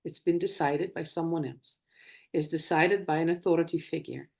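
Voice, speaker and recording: Middle-aged woman, former nurse, chatty and animated, kinda low voice. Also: moderate pace, creaky. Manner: animated storytelling, acts out quoted dialogue. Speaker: birth educator and former nurse. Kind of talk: conversational live talk.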